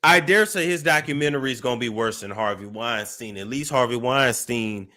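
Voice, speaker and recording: A man hosting a celebrity gossip show, telling a story with dramatic pauses, restarts. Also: mid-range voice, sharp tone. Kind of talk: casual gossip commentary.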